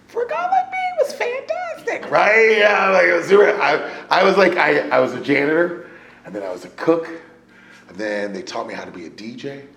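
An American man shares his story at a live recovery meeting, speaking in a fairly low, gravelly voice. He's animated and conversational, full of fillers and "right?", swinging from hushed tones to loud shouting. The room is echoey, with faint background noise.

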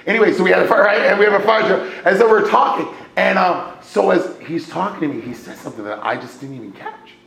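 A man giving a personal testimony as a speaker at a recovery meeting. He tells his story with animated swings between loud exclaiming and a hushed murmur, and keeps checking in with "right?". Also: sits high, fast talker, vocal fry, few pauses, a crowd in the background. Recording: echoey room with faint ambient noise.

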